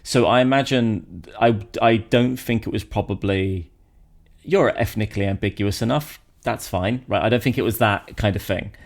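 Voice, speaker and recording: British male podcast co-host, a bit low-pitched, casual, rambly, lots of restarts. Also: normal speed, vocal fry. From Britain. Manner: animated, rambling, stumbles and restarts often. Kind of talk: casual chat.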